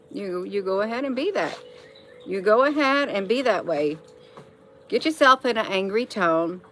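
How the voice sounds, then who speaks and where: Bright-voiced woman, emphatic, repeating herself. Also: medium pitch, expressive, moderate pace, faint music behind. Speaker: vlogger. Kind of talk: casual opinion vlog. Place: at home, indoors.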